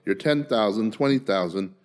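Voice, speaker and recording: A man co-hosting a podcast in casual chat, giving measured advice with steady emphasis. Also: on the low side. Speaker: podcast co-host.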